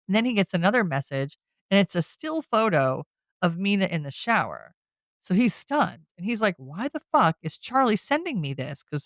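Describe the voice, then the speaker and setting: A woman's voice: on the low side, no room sound. A woman hosting a podcast, casually retelling a horror film scene by scene, with chatty storytelling. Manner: chatty storytelling, with frequent "you know" and "like". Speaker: podcast host. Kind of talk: casual movie recap.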